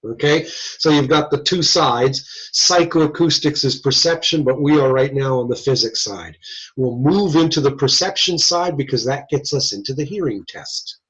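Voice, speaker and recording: A man's voice: medium pitch, normal speed, fairly bright tone, husky. A man lecturing a class in a folksy, joking, conversational way, in a dull lo-fi classroom recording. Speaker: instructor. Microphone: video call or room mic.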